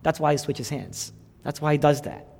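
A man preaching a sermon as pastor, swinging from hushed lines to loud emphatic ones. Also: a little high, animated, moderate pace, vocal fry, in a large hall.

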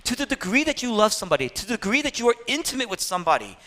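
Male pastor, sermon, impassioned, high bright voice, very lively pitch. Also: rapid-fire. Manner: impassioned, swings from loud to hushed.

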